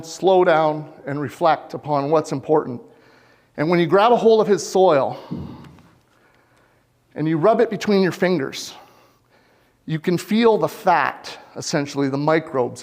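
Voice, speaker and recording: In a conference hall, a farmer from Canada delivers an earnest talk, addressing the crowd with direct questions. His voice is fairly high for a man, and a long reverb from the room follows every phrase picked up by his lapel mic.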